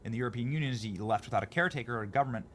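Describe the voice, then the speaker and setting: A man hosting political commentary, jokey and animated, swinging between loud bursts and low asides. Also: racing, crowd noise.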